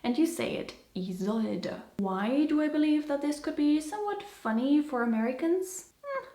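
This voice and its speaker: A woman, cracking puns through a scripted comedic explainer and dropping whispered asides. Her voice sits a little high, and the room adds a noticeable echo. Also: animated, normal speed, dark tone. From Germany. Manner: playful and punny, with whispered asides. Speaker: YouTuber presenting a video. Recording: roomy echo.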